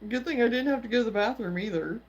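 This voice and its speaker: A woman's voice: a little high, fast talker, lo-fi sound. A woman hosting a casual crochet livestream, chatting and breaking into frequent giggles and laughter. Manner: laughs often, giggly exclamations.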